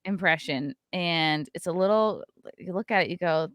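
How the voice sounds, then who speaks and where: Chatty woman podcast host, low voice. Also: no echo, clean studio sound. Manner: chatty, animated, quick asides. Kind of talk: casual chat and sponsor read.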